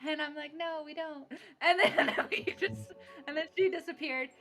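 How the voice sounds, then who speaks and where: Young woman, high bright voice, bubbly recap of a tabletop session, faint music underneath. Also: normal speed. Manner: bubbly, laughing, acting out bits of dialogue. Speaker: player recapping a tabletop campaign. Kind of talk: casual recap chat.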